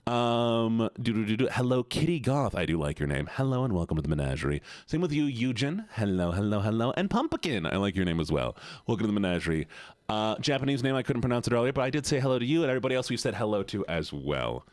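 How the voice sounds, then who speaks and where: A man live-streaming a game, chatting casually with his viewers, greeting them by name and reacting loudly to the game. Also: fairly low pitch, sing-song, fast talker, no echo. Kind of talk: casual live-stream chat while gaming.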